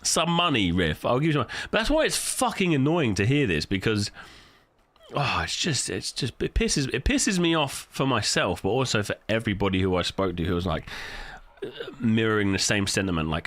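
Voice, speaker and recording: A man's voice: big pitch swings, normal speed, fairly bright tone. A man hosting a livestream, ranting angrily and swearing heavily. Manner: angry, swearing heavily, voice jumping in pitch. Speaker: livestream host. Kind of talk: heated livestream rant.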